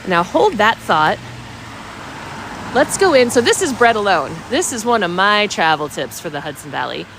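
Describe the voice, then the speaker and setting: A medium-pitched, very animated woman talks at a moderate pace with background noise around her. As a bubbly travel livestream host strolling a village street, she chats with viewers' comments, slightly sniffly from a cold.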